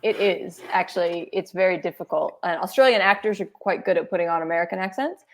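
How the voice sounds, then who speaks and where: A woman co-hosting a podcast in casual chat, telling stories in a lively, animated way. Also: on the low side, quick pace. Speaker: podcast co-host.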